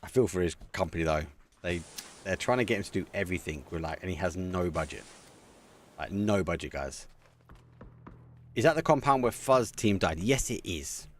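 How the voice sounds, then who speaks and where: A man casting a live esports match as a community caster, chatty and excitable, talking to viewers between plays. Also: deep voice, normal speed, pauses often, slight background noise. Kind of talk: live community game commentary.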